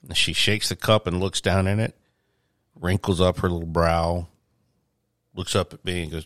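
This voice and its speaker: A man, co-hosting a casual chat and telling stories in a relaxed way. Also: deep voice, normal speed, pauses often, dry recording, studio quality. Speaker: co-host.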